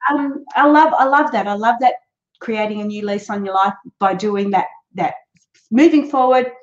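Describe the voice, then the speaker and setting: A woman's voice: medium pitch, moderate pace. A woman raised in Australia hosting a podcast in casual chat, chatty and often restarting her words. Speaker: podcast host. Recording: dull lo-fi sound.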